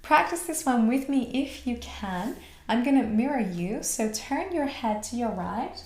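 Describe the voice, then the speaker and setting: A woman from Australia teaching a voice class, guiding the breath with calm, slow cues. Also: on the high side. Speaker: voice and mantra teacher. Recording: roomy echo.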